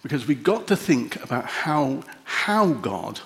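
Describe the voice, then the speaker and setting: A middle-aged man preaching a sermon and leading a prayer, gentle and reflective with long pauses. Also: mid-range voice, very animated. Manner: emotional, easily moved.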